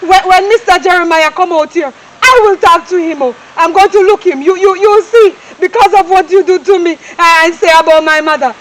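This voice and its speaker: A woman's voice: very high voice, moderate pace, few pauses, a bit bright, slight background noise, rough recording. An actress with a Jamaican accent playing a young maid who pleads and cries before her employer. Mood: resentful. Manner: pleading, tearful, ends phrases with "oh". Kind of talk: comedy skit acting.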